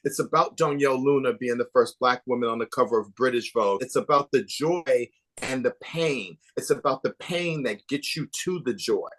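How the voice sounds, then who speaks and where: An animated male guest in relaxed interview chat, telling behind-the-scenes stories like gossip. He swings from emphatic, rising bursts to hushed, confiding asides, and his pitch sits in the middle of the usual range for a man. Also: normal speed, hardly any pauses. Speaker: podcast guest, author and documentary maker.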